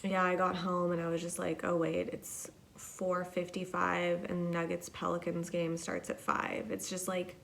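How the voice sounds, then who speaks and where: Young woman podcaster rambling thru a story, lowish voice, says like a lot and swears. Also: monotone, measured pace, creaky, hardly any pauses, a bit bright. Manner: chatty, swearing, lots of "like". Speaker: podcast host. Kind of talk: casual solo storytelling.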